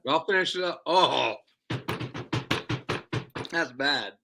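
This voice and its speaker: A man's voice: on the high side, animated, takes it slowly, creaky, heavy background noise. A man hosting a casual livestream, rambling and repeating words as he talks. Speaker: livestream host.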